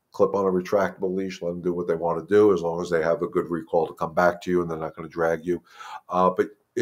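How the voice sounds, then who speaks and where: A man, the head dog trainer, giving plain-spoken, emphatic advice in a casual live Q&A and often repeating words as he thinks. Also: low voice.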